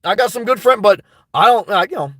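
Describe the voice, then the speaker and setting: A man's voice: high-pitched, lively intonation, fairly quick, fairly bright tone, no room sound, clean studio sound. A man hosting a livestream, reading viewer comments aloud and answering them in a rambling, blunt and crude way. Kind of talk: unscripted livestream chat.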